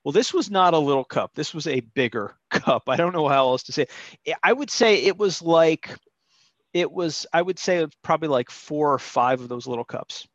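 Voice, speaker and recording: Man, fairly high voice, indignant rambling caller, dull lo-fi line. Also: expressive, moderate pace, dry recording. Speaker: caller telling a story. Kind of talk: casual phone-in storytelling.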